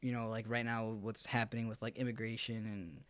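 A young man with a fairly low voice talks a little fast in a casual podcast chat, with no room sound. He rambles loosely and sounds relaxed, leaning heavily on filler words.

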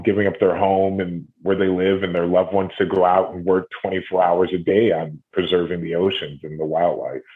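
A man from Ohio, a guest musician, telling stories in a loose, rambling way during a casual interview. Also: low voice. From Ohio, USA. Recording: tinny phone-like line.

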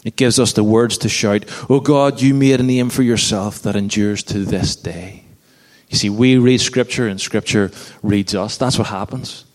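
A man's voice: fairly low pitch, normal speed. A man in his thirties preaching a sermon in an earnest, conversational way, with self-deprecating stories. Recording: long hall reverb.

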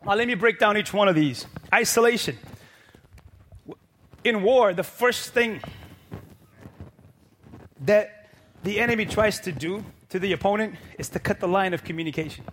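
A man preaching a sermon to a congregation, building from quiet, low lines to loud, shouted peaks with rhythmic repetition. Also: normal speed, pauses often, slight background noise. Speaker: pastor. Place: church.

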